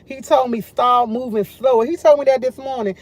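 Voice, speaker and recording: A woman's voice: sits high, brisk, darkish tone. A woman hosting a casual morning livestream, chatting and rambling directly to her viewers. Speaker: livestream host.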